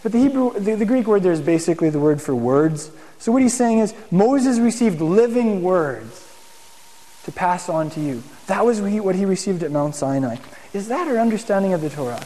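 A man's voice: high-pitched, expressive, fast talker, mellow. A man teaching a congregation in a conversational sermon style, often putting questions to the room. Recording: long hall reverb.

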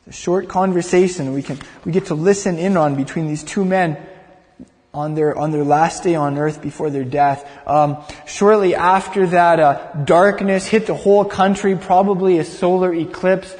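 A male preacher with a high voice tells a story with vivid detail, often stumbling and repeating words. His voice rings with a long reverb from a large hall. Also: steady tone, moderate pace, darkish tone. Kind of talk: sermon storytelling.

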